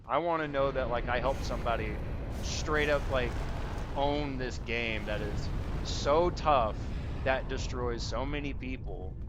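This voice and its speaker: A man at a middle pitch gives live gameplay commentary as a streamer, chatting casually to his viewers. He rambles, restarts sentences and leans on fillers, and keeps cheering his audience on. A faint hum of noise runs underneath. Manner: encouraging, talks straight to viewers. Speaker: gaming streamer.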